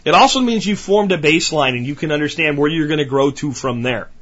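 A male podcast host delivering a passionate, ranting monologue. His voice is husky and sits a little high, and the recording sounds dull and lo-fi. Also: lively intonation, fast talker, fairly bright tone.

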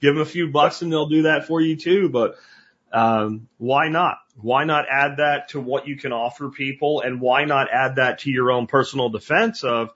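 A man hosting a podcast interview, talking in a blunt, animated, casual way with some cursing. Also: mid-range voice, moderate pace, muffled recording. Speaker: podcast host.

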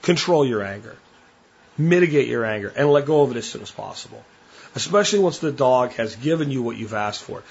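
A man's voice: medium pitch, animated, fairly quick, vocal fry, husky, lo-fi sound. A man hosting a podcast, talking bluntly and plainly in a casual monologue. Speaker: podcast host.

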